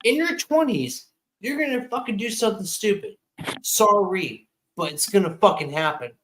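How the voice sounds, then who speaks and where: A man's voice: sits high, animated, normal speed, a bit bright, slight background noise, low-quality recording. A drunk man in his twenties, a livestream guest, ranting heatedly and swearing constantly in casual chat. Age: 20s.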